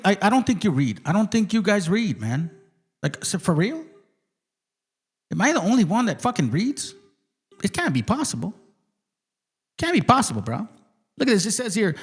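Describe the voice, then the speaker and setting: A man's voice: high-pitched, slightly rough. A man hosting a heated livestream argument, combative and profane, reading passages aloud between retorts. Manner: claims he talks like this without getting mad. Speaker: channel host.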